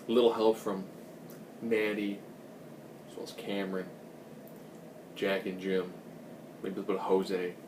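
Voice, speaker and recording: A man's voice: lowish voice, darkish tone, reverberant, recorded from a distance, a little hiss or hum. A man giving a casual, rambling recap of a TV episode, with joking asides. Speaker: recap host.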